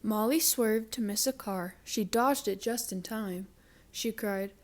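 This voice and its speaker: A woman reading a children's picture book aloud, with slow, careful storytelling. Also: medium pitch, darkish tone. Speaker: storybook reader.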